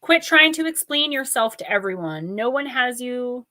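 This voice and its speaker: On a live stream, a woman with a slightly high, bright voice gives blunt, playful oracle card readings, reading viewers' names out in lists and cursing lightly. Her tone is forceful and her intonation lively at a moderate pace. There's no room sound.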